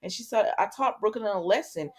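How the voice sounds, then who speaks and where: A woman's voice: mid-range voice, fairly quick, a little mellow, husky. A woman hosting a casual soap opera recap, chatting loosely and retelling scenes through quoted dialogue, with plenty of fillers and offhand asides.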